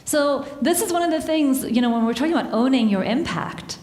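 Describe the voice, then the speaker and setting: A woman's voice: sits high, expressive, a little fast, darkish tone. A woman giving a conversational talk to a live audience, engaging them with questions and laughing at herself. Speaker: workshop speaker. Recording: echoey hall with long reverb.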